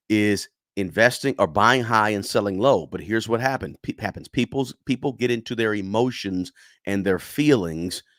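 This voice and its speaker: A man with a fairly low voice talks through a relaxed livestream, chatting to viewers and often tagging his points with a quick "right?". The sound is dry and close, with almost no room tone. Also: no room sound. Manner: conversational, tags lines with "right?", many restarts. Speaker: finance channel host. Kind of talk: casual livestream talk reading chat.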